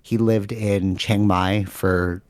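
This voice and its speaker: A Canadian man hosting a podcast, telling a story in animated casual chat with lots of fillers. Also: fairly low pitch, slow pace, no echo. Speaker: podcast host.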